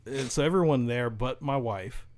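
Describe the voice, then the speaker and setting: A man telling a story in casual podcast chat, animated and laughing as he goes. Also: medium pitch, normal speed.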